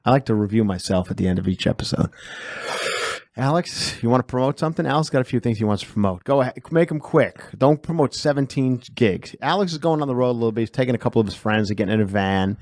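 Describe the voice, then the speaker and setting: A man's voice: mid-range voice, lively intonation, fast, a little mellow, no room sound. Rambling self-deprecating male podcast host. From Long Island, New York. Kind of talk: casual podcast chat.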